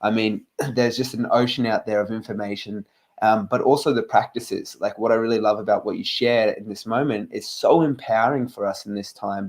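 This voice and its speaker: A man's voice: lowish voice, a little mellow. A male host speaking earnestly in casual interview chat, with many ums and uhs.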